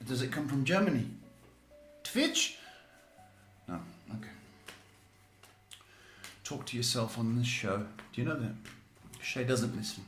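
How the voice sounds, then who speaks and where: A man's voice: mid-range voice, fairly quick, fairly bright tone, echoey room, soft background music. A man hosting a live psychic tarot advice show. He gives blunt, emphatic guidance and often repeats or restarts his words.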